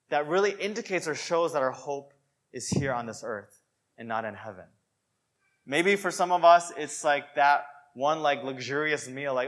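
Animated man preaching a casual sermon. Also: on the high side. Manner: conversational, animated, many "you know" and "like" fillers.

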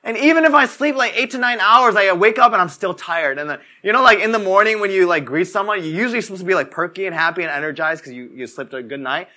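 A man's voice: high voice, fast, hardly any pauses, bright, forceful tone. A young man giving a casual, conversational sermon, telling stories and filling his talk with "like". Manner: casual storytelling, fills talk with "like". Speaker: preacher.

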